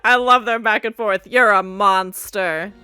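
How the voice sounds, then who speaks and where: A woman hosts a reaction video, chatting casually, laughing and tossing in playful asides as she comments on an old TV episode, with the show's music playing behind her. Her mid-range voice is bright, forceful, clear and resonant, with fairly even intonation and a slightly slow pace.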